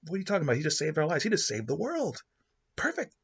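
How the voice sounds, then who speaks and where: A breathless male telepath heaps on the compliments in a high, giddy voice, as a man puts him on. His husky tone cuts through the dull lo-fi sound. Every line spills out as eager praise. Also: wildly swooping pitch, quick pace, heavily acted. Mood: gushing.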